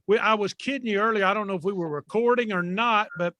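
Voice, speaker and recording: A man's voice: high voice, quick pace, sharp tone, dry recording, studio quality. A man in his fifties hosting a podcast, joking in a jovial, folksy way. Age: 50s. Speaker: podcast host.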